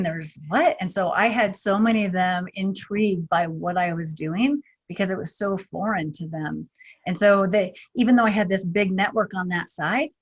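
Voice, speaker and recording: A woman's voice: medium pitch, slightly rough, dull audio. A middle-aged woman guest, a business strategist, talking chattily with many fillers and quoted asides. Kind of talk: casual interview chat.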